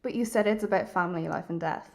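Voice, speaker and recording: A woman voicing a sarcastic, impatient young female friend in an animated film. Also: on the low side, fast talker, creaky. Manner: dry and sarcastic.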